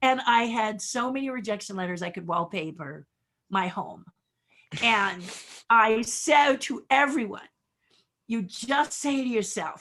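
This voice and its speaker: An older woman, an animated storyteller, talking as a guest in an interview. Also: on the high side, a little slow. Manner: animated storyteller, acts out quotes.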